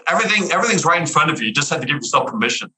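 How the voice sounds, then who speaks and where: A man in his fifties, a podcast guest telling stories in a casual, energetic way with many restarts. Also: on the high side, rapid-fire, slight background noise, low-quality recording. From Houston area, US. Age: 50s. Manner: energetic, repeats words and restarts often. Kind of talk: casual storytelling interview.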